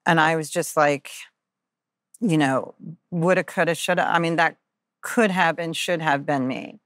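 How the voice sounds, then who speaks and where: A woman's voice: low voice, measured pace, a bit bright, no room sound, studio quality. A woman guest on a podcast telling a personal story candidly and earnestly, with many ums and uhs, and acting out the lines of people in it. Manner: earnest, lots of ums and uhs, acts out quoted dialogue.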